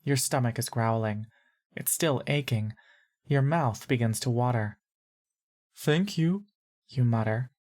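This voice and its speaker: A woman narrating a story in second person in a calm, measured way. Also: a bass voice. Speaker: audiobook narrator.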